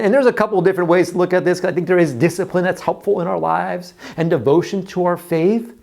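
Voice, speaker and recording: A man's voice: high-pitched, vocal fry, a little mellow. Conversational man preaching a sermon. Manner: conversational preaching, often repeating words. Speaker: pastor.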